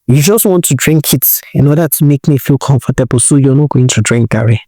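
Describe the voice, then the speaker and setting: A woman voicing a gentle young husband who speaks calmly and reassuringly. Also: very deep voice, a little fast, no room sound. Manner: calm, reassuring.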